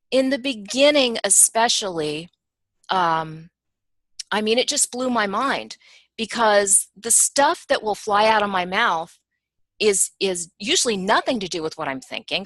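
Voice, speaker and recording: A woman's voice: mid-range voice, no room sound. A woman teacher giving an informal webinar lesson, speaking in a punchy, emphatic way and chatting directly to her listeners. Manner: chatty and animated, addressing listeners as "you guys". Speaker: teacher and professional analyst.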